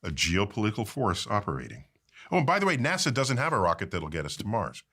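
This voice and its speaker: Animated, bright-voiced man explaining. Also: on the low side, quick pace. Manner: animated, quizzes the host. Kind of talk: explaining in an interview.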